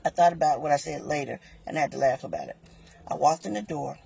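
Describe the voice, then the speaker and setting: A woman on her own vlog telling a customer service story in an animated way, acting out both sides of each exchange. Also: sits low, fast, creaky, husky. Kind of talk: storytime vlog, recounting an argument.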